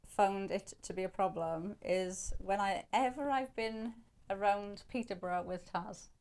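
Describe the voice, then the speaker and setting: A woman's voice: mid-range voice, measured pace, a little mellow, clean tone. A woman with a Welsh accent, demonstrating crafts on a live shopping show, talking through each step as she works.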